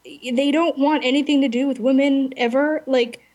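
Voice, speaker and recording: A woman's voice: sits high, fairly even intonation, normal speed, a little mellow. A woman co-hosting a podcast, chatting casually and ranting bluntly with frequent laughs. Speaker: podcast co-host.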